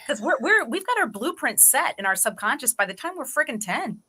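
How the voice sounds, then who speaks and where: Bright, candid woman podcast guest. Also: high-pitched, fairly quick, breathy edge. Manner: candid, animated, slangy, laughing easily. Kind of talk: casual podcast conversation.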